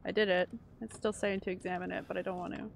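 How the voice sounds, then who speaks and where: A woman's voice: on the low side, level tone, fast talker, creaky, noisy background. A woman streaming a horror game live, jumpy and reacting aloud while she chats with viewers. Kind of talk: live gameplay commentary. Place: home room.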